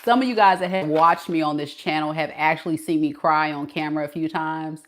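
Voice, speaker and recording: A woman's voice: deep voice, steady tone, fairly quick, background noise. A woman tarot reader hosting a casual live stream. She chats playfully with her viewers, greets them, and laughs often.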